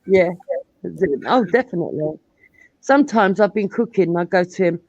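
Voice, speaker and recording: A middle-aged woman with a Cockney accent, hosting a casual live-stream chat, telling animated stories and swearing freely. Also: lowish voice, normal speed, no room sound. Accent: London Cockney. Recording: dull lo-fi stream audio.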